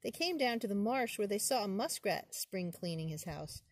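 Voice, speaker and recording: A woman, a preschool teacher, reading a children's storybook outdoors in the woods. She reads in a gentle, clear and expressive way. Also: mid-range voice, moderate pace.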